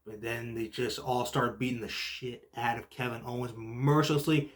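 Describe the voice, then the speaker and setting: A young man hosting a casual podcast recap, excitable and full of "like" and "literally", swinging from low muttering to shouting. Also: normal speed. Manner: heavy use of filler like "like" and "literally". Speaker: podcast host.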